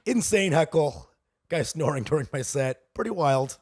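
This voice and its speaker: A man comedian co-hosting a casual podcast, rambling and breaking into loud laughs and outbursts. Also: a little high, animated, brisk, no echo, studio quality. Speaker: comedian co-host.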